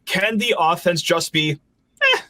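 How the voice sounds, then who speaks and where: Male guest, playful hype energy, a bit high-pitched. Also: wildly swooping pitch, measured pace, bright, forceful tone. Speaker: podcast guest. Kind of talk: casual panel chat.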